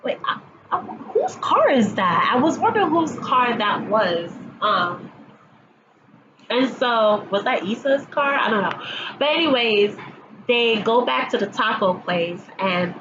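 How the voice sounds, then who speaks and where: Stuffy with allergies, this woman recaps a TV episode for her casual vlog in a fairly high, lively voice at a measured pace. She tells it chattily, performing the characters' quotes and laughing as she goes. Sirens pass outside her home, and the dull recording carries audible background noise.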